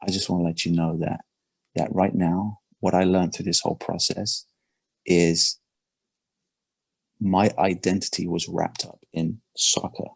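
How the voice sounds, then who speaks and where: Brief: male coach, low husky voice, dry close sound, earnest and halting. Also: level tone, no room sound. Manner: earnest, repeats words and restarts often. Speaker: performance coach. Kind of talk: casual podcast conversation.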